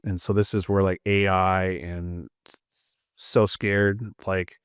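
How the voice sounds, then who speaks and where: A Canadian man with a deep, low voice, co-hosting a podcast and chatting casually. He rambles, with lots of "um" and "uh" and restarts. Dry, close sound with no room echo. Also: little pitch movement, slow pace, clear, resonant tone. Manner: rambling, many fillers and restarts. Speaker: podcast co-host and mindset coach.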